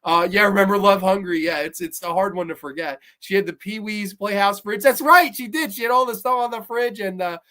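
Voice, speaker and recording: A man with a fairly high voice hosts a casual horror review stream. He is excitable and profane, and he laughs as he retells plots. He chats loosely and reads viewer comments aloud. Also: a little fast, few pauses. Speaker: horror show host and reviewer. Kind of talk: casual livestream review chat.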